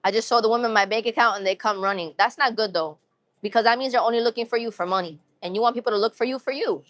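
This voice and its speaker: Speaking fast in a higher, slightly bright voice with no room sound, a young woman chats upbeat and casually with her livestream viewers. She's from Massachusetts, has a New England accent sprinkled with urban slang, and tends to repeat phrases.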